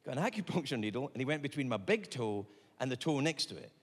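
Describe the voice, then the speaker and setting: A man performing a stand-up comedy set on stage, telling a story with big shouts and quiet asides. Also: mid-range voice, big pitch swings, quick pace. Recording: reverberant venue with faint ambience.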